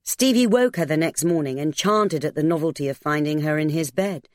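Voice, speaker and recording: A woman narrating a novel in a steady, measured storytelling voice. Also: low voice, dry recording, clean studio sound. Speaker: audiobook narrator.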